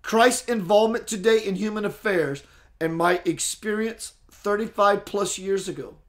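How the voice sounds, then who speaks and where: A middle-aged man delivering a channeled spiritual message in slow, deliberate, rhyming phrases. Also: sits high.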